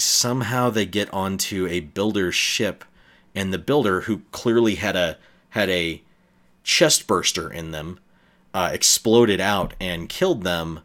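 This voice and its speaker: Low-voiced man in an exasperated rant. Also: a bit bright. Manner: exasperated, ranting, swears often. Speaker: film reviewer. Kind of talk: casual spoken movie review.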